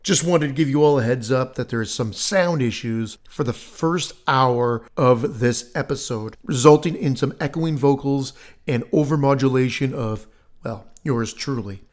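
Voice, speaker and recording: A man's voice: mid-range voice, moderate pace. A man co-hosting a podcast, giving a dry, mock-formal scripted announcement. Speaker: podcast co-host.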